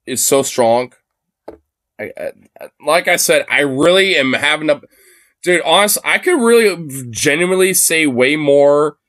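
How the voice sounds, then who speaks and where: A man's voice: a little high, a bit bright, dry recording. A man streaming his reaction to a debate clip, swearing heavily and rambling in a mocking, casual way. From Irish descent claimed, not origin. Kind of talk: casual profane commentary.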